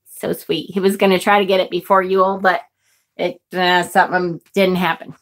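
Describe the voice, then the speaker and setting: A middle-aged woman chatting on a live tarot stream, her voice sitting a little high and her pace slow and unhurried. She greets viewers by name and reacts with emotion to what she sees in the cards. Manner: emotional, gasps and exclaims over card images. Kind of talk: casual live-stream chat.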